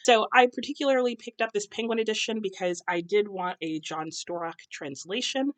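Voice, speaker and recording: A woman's voice: medium pitch, fairly quick. A young American woman chatting casually to camera about books at home, with many ums and self-corrections. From United States. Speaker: booktuber. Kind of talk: casual book chat to camera. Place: home, husband cooking nearby.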